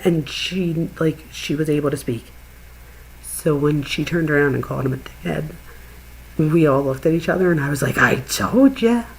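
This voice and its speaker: Gravelly, husky woman telling a chatty story. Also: low-pitched, normal speed, rough recording. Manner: chatty, animated, laughs while telling stories. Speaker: true crime channel host. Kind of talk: casual storytelling to viewers.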